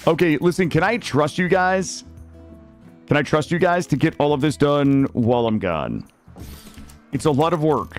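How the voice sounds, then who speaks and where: Young male game streamer, excitable, prone to yelling; lively pitch, faint music underneath. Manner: excitable, chatty, prone to screaming. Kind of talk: casual gameplay commentary.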